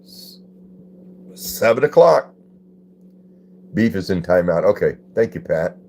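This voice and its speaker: A man's voice: deep voice, expressive, takes it slowly, noisy background. A man, hosting a casual phone livestream and greeting viewers by name in a laid-back way. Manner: laid-back, greets chatters by name and reads comments aloud. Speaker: livestream host.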